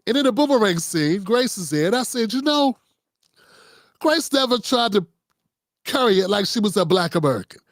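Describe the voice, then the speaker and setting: A man's voice: high-pitched, big pitch swings, moderate pace, long pauses, no echo, studio quality. A man hosting unscripted political commentary, talking casually and riffing, slipping into quoted voices.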